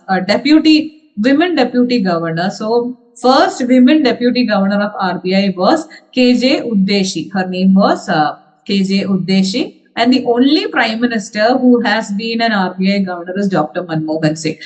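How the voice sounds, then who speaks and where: A woman's voice: medium pitch, poor audio. Indian woman giving a methodical exam-prep lecture. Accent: Indian English. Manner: methodical, restates key points, frequent hesitation fillers. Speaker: civil service exam trainer.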